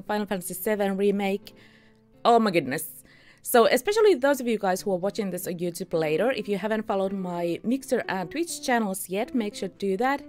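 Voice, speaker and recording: A woman streamer giving chatty, upbeat commentary while playing a game, chuckling often. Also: mid-range voice. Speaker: let's play streamer. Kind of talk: casual gameplay commentary.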